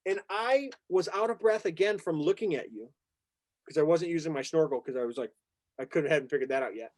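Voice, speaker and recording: A man hosting a casual talk show, retelling a story in a lively, excitable way and acting out what people said. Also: a little high, a little fast. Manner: excitable, vivid retelling with acted-out quotes. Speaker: podcast host. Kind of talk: animated storytelling in casual conversation.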